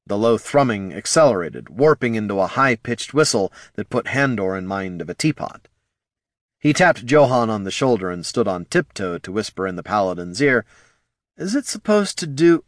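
A man's voice: lowish voice, expressive, normal speed, no echo. Male audiobook narrator, dry close sound.

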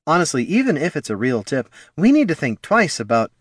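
A man's voice: on the high side, huge pitch swings, brisk, no echo, pitched above the performer's own voice. A man voicing a wry, cautious female ranger who speaks in a dry, skeptical way.

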